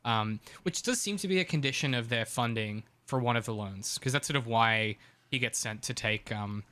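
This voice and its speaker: A man's voice: mid-range voice, moderate pace, bright, forceful tone. A man co-hosting a podcast in casual chat, chatty and profane with frequent ums. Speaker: podcast co-host.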